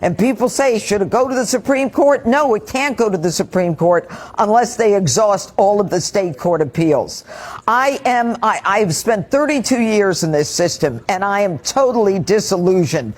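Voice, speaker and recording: Fifties legal analyst, measured and disillusioned, mid-pitched voice. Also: expressive. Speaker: legal commentator. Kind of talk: TV commentary.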